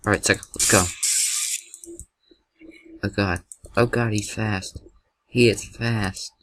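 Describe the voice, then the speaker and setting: A young man doing excitable, jokey gameplay commentary with a gravelly voice, yelping at scares. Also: lowish voice, takes it slowly, dry recording, rough recording.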